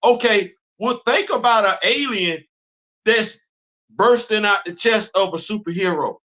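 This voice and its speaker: A man hosting a live comics talk show, animated and exclaiming, repeating himself as he gets excited. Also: sits high, measured pace. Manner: animated, repetitive, exclaiming, laughing. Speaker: comics podcast host. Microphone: live stream mic.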